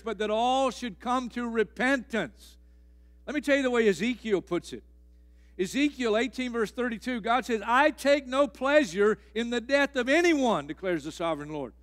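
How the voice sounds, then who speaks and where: Emphatic high-voiced pastor preaching. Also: male voice, moderate pace. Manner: emphatic, repeating key phrases, swings between loud and hushed. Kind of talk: sermon. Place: church sanctuary.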